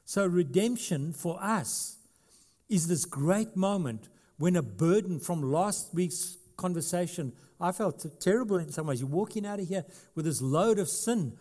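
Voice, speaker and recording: Mellow-voiced pastor preaching, loud then hushed. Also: male voice, sits high, expressive, unhurried. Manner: swings between loud emphatic stretches and quiet, hushed asides; conversational, with questions to the congregation and light humor. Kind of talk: sermon.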